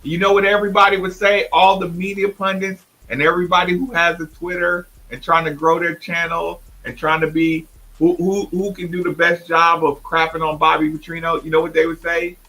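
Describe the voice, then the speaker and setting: A man hosting a sports talk show, emphatic and animated, often imitating others. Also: fairly high pitch, a little fast, poor audio. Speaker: host.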